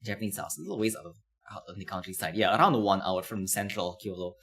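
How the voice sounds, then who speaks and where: Streamer dude chatting loose, tons of "like, you know", voice bouncing up and down a lot. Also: male voice, fairly low pitch, animated, quick pace, a bit bright, husky. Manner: rambling, lots of fillers, frequent laughs. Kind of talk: casual reaction-stream commentary.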